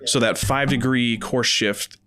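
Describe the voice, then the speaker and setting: Man, average pitch; loose, rambling conversational talk full of fillers. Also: fairly even intonation, a little slow, sharp tone. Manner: rambling, heavy on "like" and "you know". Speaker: podcast guest. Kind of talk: casual conversation.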